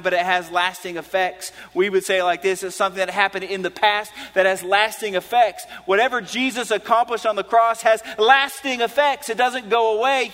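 A man preaching a sermon earnestly, dropping to hushed low phrases and rising to emphatic declarations. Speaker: pastor. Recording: long hall reverb.

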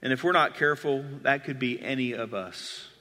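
A man's voice: mid-range voice, normal speed, pushed and bright, long reverb tail. A man preaching a sermon, reading scripture aloud and explaining it expressively. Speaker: pastor.

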